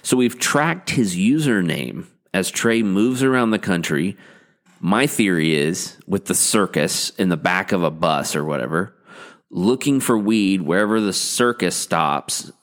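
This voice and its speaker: A man hosting a comedy podcast, talking in a halting, deadpan way with many fillers and restarts. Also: sits low. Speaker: podcast host. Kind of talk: rambling comic podcast talk.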